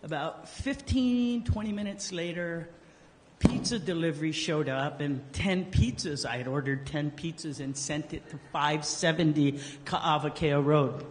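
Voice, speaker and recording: A man's voice: a little high, measured pace, a little hiss or hum. A man giving a eulogy as casual, joking storytelling, acting out the quotes he tells. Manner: joking, animated storyteller who acts out quotes. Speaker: eulogy speaker. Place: memorial service hall. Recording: long hall reverb.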